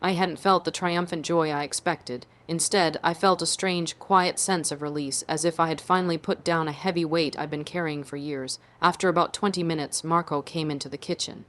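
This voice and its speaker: Female storyteller, lowish voice, measured dramatic first-person narration. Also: fairly even intonation, fairly bright tone.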